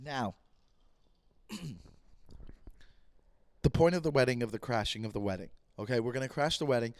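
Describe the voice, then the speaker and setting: A man hosting his own podcast in a loose, jokey monologue, repeating himself, his voice a bit rough this week. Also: mid-range voice, expressive, fast, darkish tone, no echo. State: voice a bit rough, clearing throat. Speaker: podcast host. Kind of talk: casual solo podcast monologue.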